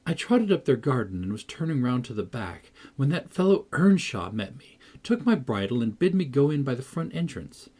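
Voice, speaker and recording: A spirited young girl recounts her adventures in a classic storybook, read by a man. The voice is husky, and its pitch rises and falls in a lively, animated way. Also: normal speed, hardly any pauses. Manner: lively first-person storytelling. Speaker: audiobook reader. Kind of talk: audiobook narration.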